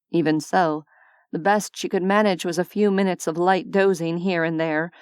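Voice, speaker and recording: A woman narrating a sci-fi romance audiobook in a measured, even storytelling manner, on a close studio mic. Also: lowish voice, clean tone, no room sound.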